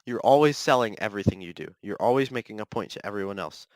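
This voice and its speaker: A man's voice: lowish voice, animated, fast, dry recording. A man hosting a solo podcast, ranting in a restless, self-correcting way. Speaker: podcast host.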